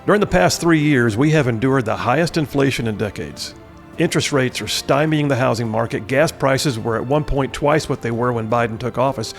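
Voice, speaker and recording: A man's voice: mid-range voice, a little fast, faint music behind. A man hosting a scripted political commentary, emphatic and full of rhetorical questions and folksy asides.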